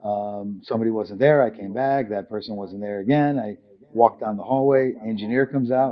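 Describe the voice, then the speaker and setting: A man's voice: lowish voice, moderate pace. An older man from New York City with a New York accent, telling his story as a guest in a casual interview, rambling with lots of fillers and acting out quoted people. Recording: muffled lo-fi audio.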